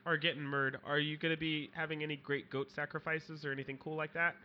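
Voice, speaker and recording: A man co-hosting a podcast in casual chat, excitable and quick to laugh. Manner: excitable, loud laughs, jumps into high-pitched voices. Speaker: podcast co-host. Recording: dull lo-fi podcast audio, faint hiss.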